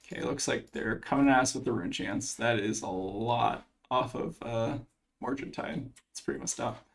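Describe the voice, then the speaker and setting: A man offers casual commentary on his own card game match, thinking aloud as he weighs each play and using plenty of fillers. His voice is medium-pitched with vocal fry, at a moderate pace.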